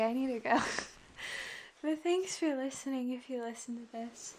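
A woman out of breath and dazed, talking in halting, breathy bursts between heavy sighs as she records at her computer. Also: sits high, a little mellow, slight background noise. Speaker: audio creator. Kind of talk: unscripted recording to listeners. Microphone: computer recording setup.

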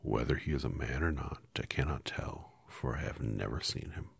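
Kindly little old witch in a storybook, soft, solemn, half whispered, deep gravelly reader's voice lifted higher, put on by a man. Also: moderate pace, no echo, exaggerated voice. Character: gentle little old woman, a kind witch.

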